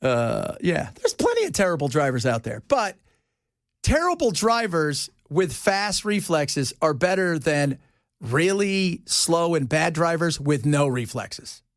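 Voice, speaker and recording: A male radio talk show host with a fairly high voice that swings widely in pitch. He jokes and teases in loose on-air banter and slips into other people's voices when he quotes them. The sound is close and dry, like a studio mic. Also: a little slow, no room sound. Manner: joking, teasing, animated.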